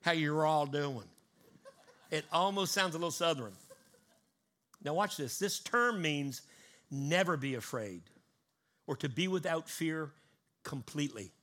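A man's voice: on the high side, expressive, unhurried, long pauses, sharp tone. A man preaching a sermon to his congregation, building emphatic rising cadences and teaching word meanings. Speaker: pastor.

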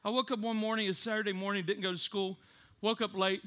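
Brief: male preacher, very high bright voice, lively comic storytelling from the pulpit. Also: quick pace. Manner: animated, laughs often, acts out voices.

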